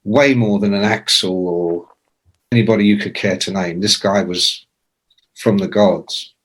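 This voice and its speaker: A man in his sixties, a rock journalist telling profane, lively anecdotes as a podcast guest. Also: fairly low pitch, a little slow, slightly rough. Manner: lively, profane, acts out quoted voices. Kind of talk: anecdotal storytelling in a podcast interview.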